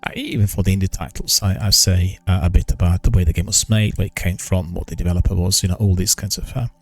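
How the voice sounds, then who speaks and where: An older man talking on a live stream, slow and halting, with many pauses and restarts, careful formal pronunciation. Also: sits low, steady tone, darkish tone, faint music behind. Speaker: gaming news streamer. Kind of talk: casual live-stream chat.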